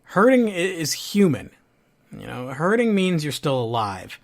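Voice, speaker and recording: Man, podcast host, earnest, halting, reflective monologue, slightly high pitch. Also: very animated. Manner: earnest, halting with restarts and fillers. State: going through a divorce, sad.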